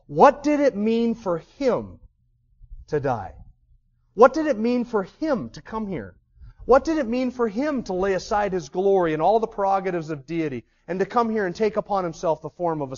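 In a high, somewhat mellow voice, a man delivers an impassioned sermon, questioning his listeners and acting out quoted speakers. The audio is lo-fi and a bit dull.

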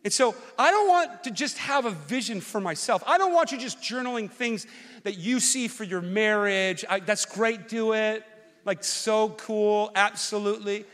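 Long hall reverb surrounds a man preaching as a pastor in a high voice at normal speed. His animated personal story shifts from loud ranting to quiet, earnest reflection.

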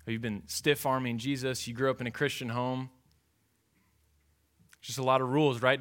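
Male pastor, mid-pitched voice, emphatic, repeats lines and asks the room questions. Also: flat delivery, moderate pace, long pauses, fairly bright tone. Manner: emphatic, conversational preaching with repetitions and rhetorical questions. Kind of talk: sermon.

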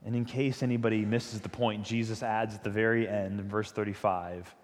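A man's voice: on the low side, flat delivery, a little fast. A male pastor giving a sermon in a conversational, emphatic storytelling manner. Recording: long reverb of a large hall.

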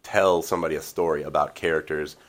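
A man's voice: rumbling low, fairly even intonation, fast talker. A man co-hosting a podcast in casual chat, rambling with frequent laughs and casual swearing. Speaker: podcast co-host.

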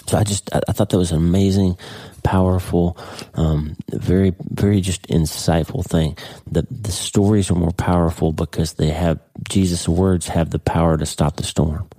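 A middle-aged man with a very deep, mellow voice hosts a podcast. He talks earnestly and off the cuff, with a husky edge to his tone. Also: fairly even intonation, normal speed. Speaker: podcast host. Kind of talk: casual podcast talk.

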